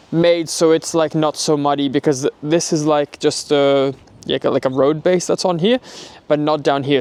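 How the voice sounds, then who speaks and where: A man chatting excitedly to his camera outdoors on his rural property, full of exclamations. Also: a little high, clean tone. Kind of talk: casual vlog chat to camera. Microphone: handheld camera.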